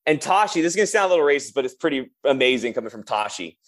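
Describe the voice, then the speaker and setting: A man, a touring drummer, chatting casually and telling lively stories, acting out what others said. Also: medium pitch, very fast. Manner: animated storyteller, acts out quotes. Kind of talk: casual chat.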